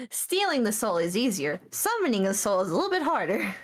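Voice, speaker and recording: A woman's voice: mid-range voice, sing-song, normal speed. Playful lady chatting in a tabletop game on a call, voice jumps all over. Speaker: player. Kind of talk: casual chat during a tabletop game. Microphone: online voice call.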